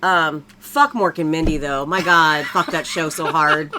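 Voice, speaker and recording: A woman's voice: low voice, steady tone, a little slow, pushed and bright, slight background noise. A woman co-hosting a casual movie-review chat, blunt and profane, venting her opinions emphatically. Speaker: podcast co-host.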